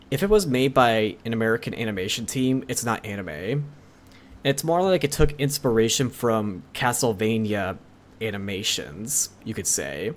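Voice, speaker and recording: Rambling young male streamer, lively pitch. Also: slight background noise. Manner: rambling, with frequent self-corrections. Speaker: livestreamer. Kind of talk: casual chat with stream viewers.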